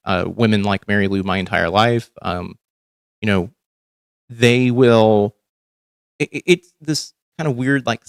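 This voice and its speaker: A man's voice: fairly low pitch, fairly bright tone, no room sound, clean studio sound. A man hosting a casual livestream, talking candidly and rambling with frequent ums and swearing. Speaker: livestream host.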